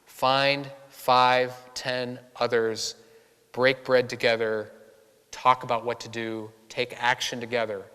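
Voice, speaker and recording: A man's voice: mid-range voice, takes it slowly, clean tone. A man from giving a talk to an audience, telling stories and acting out the voices of people he quotes. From Boston area, USA. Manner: animated storyteller, acts out quoted voices. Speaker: author giving a public talk. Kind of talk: storytelling speech to an audience. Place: church hall. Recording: long hall reverb.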